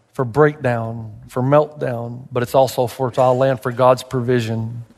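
A male pastor preaching a sermon, animated and emphatic, firing rhetorical questions at the congregation. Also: medium pitch, long reverb tail. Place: church.

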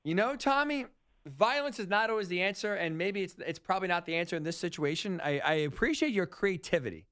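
A man hosting a sports talk radio show, rambling and animated, often correcting himself mid-sentence. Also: high-pitched, fairly quick, clear, resonant tone.

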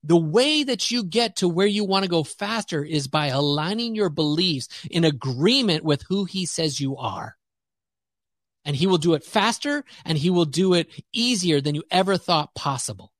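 A man's voice: on the high side, animated, moderate pace, fairly bright tone, no echo. Man, podcast guest, emphatic preacher-like delivery, dry close sound. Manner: preacher-like, emphatic, repeats phrases for rhythm. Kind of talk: motivational faith talk.

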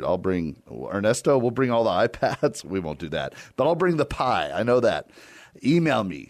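A man with a deep voice hosts a faith radio program. He talks in a playful, self-mocking way as he pitches for donations, and the studio sound is dry and close. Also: a little mellow, no echo. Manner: playful, self-deprecating, jokey. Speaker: radio host. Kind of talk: radio ministry talk and fundraising pitch.

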